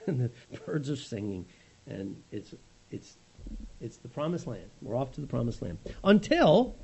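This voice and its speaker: A middle-aged man preaching a sermon in an animated, conversational storytelling manner. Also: mid-range voice, gravelly, husky, poor audio.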